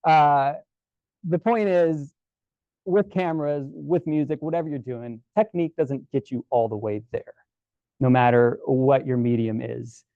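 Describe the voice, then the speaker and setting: A man tells stories in a relaxed, chatty talk to a club audience, stopping and restarting often. His voice is mellow and dark, and the recording is dull and dry. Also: medium pitch, a little slow, dry recording. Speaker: guest presenter at a camera club. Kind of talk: casual storytelling presentation.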